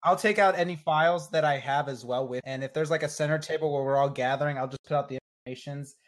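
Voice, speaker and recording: A man's voice: fairly high pitch, fairly even intonation, fast. A man playing in a tabletop game, speaking casually and matter-of-factly in character and out. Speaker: player. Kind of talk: tabletop role-play chat.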